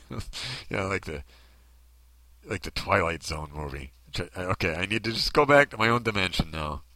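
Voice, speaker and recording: Brief: man, comic storyteller, rambling with laughs, lively bright voice, dry close sound. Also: low-pitched, normal speed, dry recording, low-quality recording. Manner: rambling, laughing asides, self-interrupting. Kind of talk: comedic storytelling.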